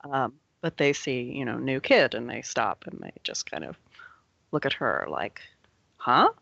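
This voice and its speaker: Game master with a gravelly, bright voice. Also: mid-range voice, very animated, normal speed, dry recording. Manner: laughs easily, casual. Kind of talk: narrating a tabletop game. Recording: dry lo-fi audio.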